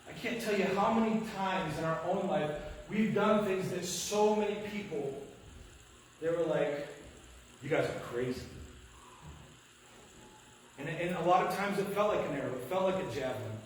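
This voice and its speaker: Preacher telling a story in an echoey church. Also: male voice, high voice, moderate pace, far from the mic, slight background noise. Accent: Midwestern American. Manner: animated storytelling, acting out quotes, dropping to a hush. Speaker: pastor. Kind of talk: sermon with personal story. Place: church sanctuary.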